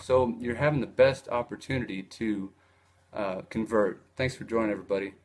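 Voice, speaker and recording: A man's voice: on the low side, a little fast, a little mellow, a little hiss or hum. Rambling man hosting a live video. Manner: loose and rambling, many fillers and restarts. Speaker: host of a live video on online advertising. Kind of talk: casual live-stream talk.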